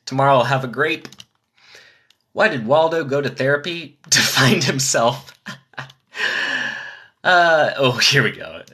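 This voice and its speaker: A man on a casual live stream, reading dad jokes in quick succession and chatting with viewers between them. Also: medium pitch, bright, forceful tone, slightly rough. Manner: rapid-fire jokes with chatty asides to viewers.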